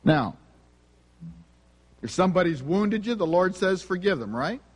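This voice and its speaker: A man's voice: high-pitched, animated, measured pace, breathy edge, long reverb tail. A man preaching a sermon, telling personal stories in an earnest, conversational way. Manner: earnest, conversational, self-confessing. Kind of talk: sermon storytelling.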